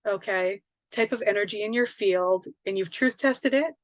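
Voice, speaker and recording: A young woman teaching a live spiritual class in a chatty, animated way, laughing often and checking in with "okay?" and "right?". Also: mid-range voice, moderate pace, no echo.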